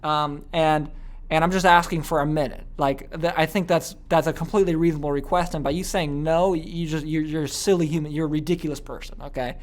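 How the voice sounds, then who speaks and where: A man teaching a sales training lesson, energetic and often checking in with "okay?". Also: on the high side, fairly quick. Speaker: business coach.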